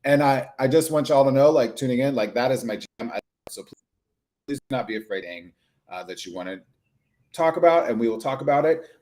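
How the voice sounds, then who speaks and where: A man's voice: mid-range voice, animated, fairly quick, darkish tone, slight background noise. A man in his thirties, a nurse practitioner talking casually and animatedly on a livestream with lots of fillers.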